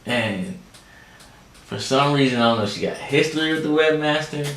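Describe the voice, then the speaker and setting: A man hosting a podcast, telling a story in a chatty, animated way and talking straight to his listeners. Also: a little high, moderate pace. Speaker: podcast host. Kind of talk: casual storytelling chat. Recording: echoey room, faint background noise.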